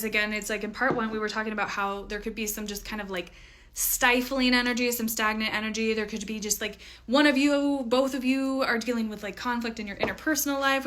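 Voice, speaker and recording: A woman's voice: medium pitch, background noise. A woman giving a casual, chatty tarot reading to her viewers, full of fillers and playful asides. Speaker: tarot reader.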